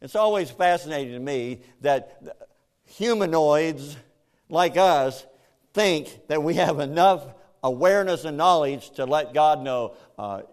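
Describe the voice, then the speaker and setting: A man preaching a sermon to a congregation, animated, jumping into loud, high acted-out voices. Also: unhurried, clean tone. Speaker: pastor.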